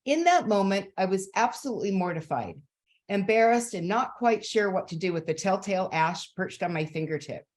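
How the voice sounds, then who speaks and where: A woman in her sixties, a former nurse, reading her personal story aloud on stage in a measured, earnest way with gentle humor. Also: medium pitch, expressive.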